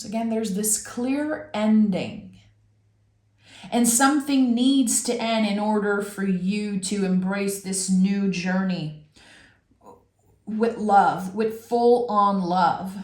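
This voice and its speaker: A woman reads tarot in a slow, unhurried voice, letting long pauses hang between her phrases. Her tone is gentle, earnest and reassuring, pitched in an ordinary middle range. The room around her adds a noticeable echo. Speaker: tarot reader. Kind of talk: slow, soulful tarot reading to the viewer. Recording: roomy echo.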